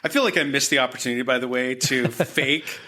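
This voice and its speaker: Bright-voiced man telling stories. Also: mid-range voice, fast talker. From Utah. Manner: animated anecdotes with many restarts and filler. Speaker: art historian and art dealer guest. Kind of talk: conversational storytelling.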